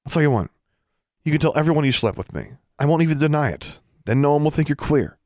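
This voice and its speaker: A man voicing an angry teenage witch girl, raising his voice in sharp, sarcastic retorts. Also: mid-range voice, big pitch swings, rapid-fire, vocal fry, husky, no room sound, clean studio sound, voice pushed up, exaggerated voice. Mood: scornful.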